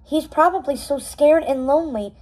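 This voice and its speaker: A woman's voice: sits high, normal speed, a little mellow, lightly acted. A woman voicing a determined young heroine who speaks urgently and breathlessly, read aloud from a storybook. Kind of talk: storybook readaloud.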